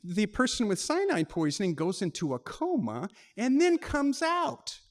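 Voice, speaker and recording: A man putting on a brisk, high female poison-control operator. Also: huge pitch swings, heavily acted. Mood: matter-of-fact. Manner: matter-of-fact, reading from a reference book.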